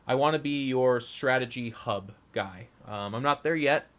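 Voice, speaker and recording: A man's voice: medium pitch, moderate pace, fairly bright tone. A young man speaking frankly to his audience about his career, rambling and often restarting his sentences. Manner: frank, rambling, self-interrupting. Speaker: streamer and caster. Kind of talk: candid monologue to camera.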